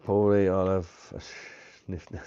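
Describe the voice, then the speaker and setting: A man's voice: deep voice, flat delivery, unhurried, warm tone, clean tone. A man hosting a live stream, chatting casually with viewers by name, laughing often and swearing freely. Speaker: live-stream host reviewing beer. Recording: dull lo-fi stream audio.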